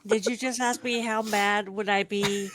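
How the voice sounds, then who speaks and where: A woman playing in a tabletop game, talking in a wry, drawn-out way. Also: mid-range voice, steady tone, background noise. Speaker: player. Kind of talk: casual tabletop game play.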